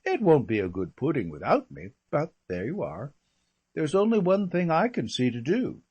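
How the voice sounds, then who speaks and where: A flippant young gentleman rattling off gossip, as a man reads him. His husky voice leaps up and down in pitch with every aside. It is an audiobook reading of a chatty, careless talker. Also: wildly swooping pitch, normal speed, muffled recording, heavily acted. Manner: rambling, breezy, full of slangy asides.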